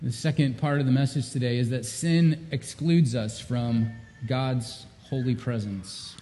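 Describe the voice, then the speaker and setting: A male pastor preaching a sermon with earnest emphasis, swinging from loud repeated cries down to low, intimate questions. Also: moderate pace, big-room sound, a little hiss or hum.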